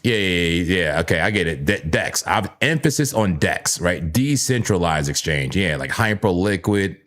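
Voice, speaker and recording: A man with a deep, fairly bright voice speaks expressively at a moderate pace while hosting a live crypto trading stream. He talks through his charts playfully and chattily, addressing viewers in the chat directly, often repeating words and correcting himself mid-sentence.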